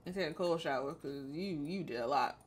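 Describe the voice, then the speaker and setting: A woman's voice: low-pitched, fairly quick, slight background noise. A woman streaming a life-sim game, chatting casually in playful slang and bossing around her characters. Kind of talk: casual gameplay commentary.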